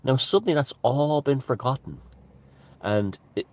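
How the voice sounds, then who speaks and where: A man's voice: mid-range voice, sing-song, normal speed, slight background noise. A man giving a casual, rambling monologue, emphatic and full of restarts and asides. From Ireland. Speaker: author and commentator.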